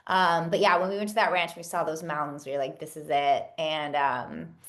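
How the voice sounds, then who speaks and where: Brief: woman, 30s, lowish voice, rambling interview guest with fillers and restarts. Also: steady tone, brisk. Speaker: actress and producer, guest. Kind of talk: casual interview chat.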